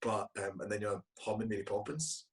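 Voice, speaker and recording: Scottish male guest, loose and halting, recorded at a distance. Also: fairly low pitch, little pitch movement. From Scotland. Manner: rambling, hesitant, many restarts. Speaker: guest actor. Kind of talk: casual interview chat. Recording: distant from the mic.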